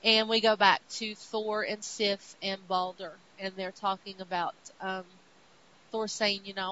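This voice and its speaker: A woman co-hosting a podcast, casually recapping comic stories with lively retellings of what the characters say. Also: medium pitch, normal speed. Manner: animated retelling, quoting characters in her own voice. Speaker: podcast co-host. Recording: dull lo-fi audio with faint hiss.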